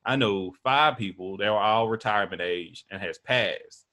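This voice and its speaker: A man's voice: on the low side, moderate pace, bright, forceful tone. A man with a Texan accent hosting a podcast, talking in a loose, profane, joking way. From Texas. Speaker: podcast host. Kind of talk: casual podcast chat.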